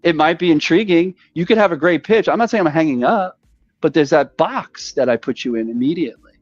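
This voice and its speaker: An animated man rambles through sales talk, acting out calls in a lively voice that jumps up and down in pitch. The audio is dull and lo-fi, with faint music underneath. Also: a little fast, dry recording. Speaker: podcast host. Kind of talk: casual conversation about sales calls.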